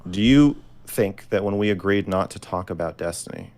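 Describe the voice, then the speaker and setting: A man with a very low, heavy voice cross-examines his opponent in an online debate. He is insistent and repeats his questions. Now and then he pushes his voice up loud. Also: animated, normal speed.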